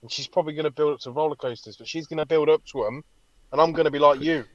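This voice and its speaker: A man co-hosting a podcast, telling a story in an animated way and swearing freely. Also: a little high, racing, no echo, dull audio. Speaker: podcast co-host. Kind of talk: casual chat.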